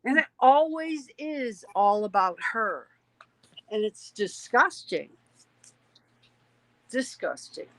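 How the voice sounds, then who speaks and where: A woman's voice: fairly high pitch, expressive, slow pace, pauses often, fairly bright tone, no echo. An emphatic woman host speaks with plain indignation, often repeating herself to drive a point home. Her voice is recorded close and dry, with no room sound. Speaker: host of a commentary stream. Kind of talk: casual live commentary chat.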